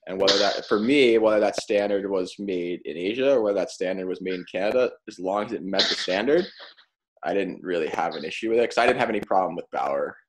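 Deep-voiced man, measured and calm. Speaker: podcast co-host, former goalie. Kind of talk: casual podcast chat.

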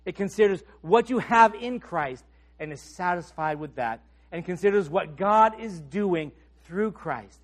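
High-voiced preaching man. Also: expressive, unhurried. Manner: trails off soft and low at phrase ends, rises on questions. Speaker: pastor. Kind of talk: sermon.

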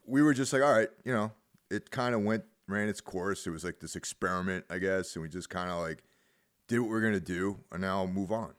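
A man in his thirties, a guest in a casual chat, talking in a laid-back way that trails off softly. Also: low-pitched, fairly quick, clear, resonant tone, dry recording, studio quality.

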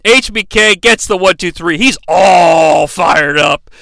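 A man's voice: high voice, slow pace, gravelly, fairly bright tone, no room sound. A man hosting a podcast, recapping a wrestling match in a chatty, profane, enthusiastic way. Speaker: podcast host.

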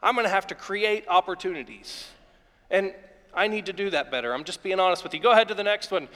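A man from Ohio preaching a sermon as pastor, telling lively personal stories and speaking directly to his congregation. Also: sits high, fast talker. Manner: animated storytelling preacher, acts out yelling at his dog. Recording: long reverb of a large hall.

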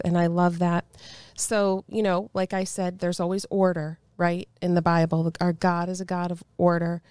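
A middle-aged woman with a low-pitched voice tells a personal story in an interview. She is animated, and she acts out the voices of the people in it. The sound is close and dry, with no room echo. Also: clean tone. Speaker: congressional candidate. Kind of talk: telling a personal faith story.

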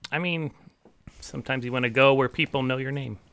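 Male player; laid-back, jokey, gravelly with a bright edge. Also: mid-range voice, steady tone, fairly quick. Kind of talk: casual tabletop play.

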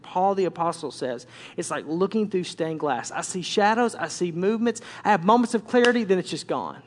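A man's voice: sits high, expressive, fairly quick, hardly any pauses. A male pastor preaching a candid, conversational sermon with frequent restarts.

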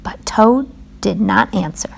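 Slow gravelly woman reading a storybook. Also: medium pitch. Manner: slow, even read-aloud delivery. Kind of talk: reading a children's storybook aloud.

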